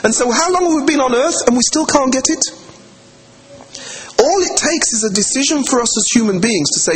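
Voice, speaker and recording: A man's voice: extremely high pitch, animated, brisk, a bit bright. Man preaching in a reverberant hall. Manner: anecdotal, conversational storytelling with acted quotes. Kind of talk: sermon.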